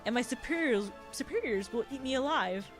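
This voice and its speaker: High-voiced and expressive, a woman reads a visual novel aloud a little fast, with music in the background. Her character is a haughty, sinister alien noblewoman lost in a brooding, self-pitying monologue about being lonely.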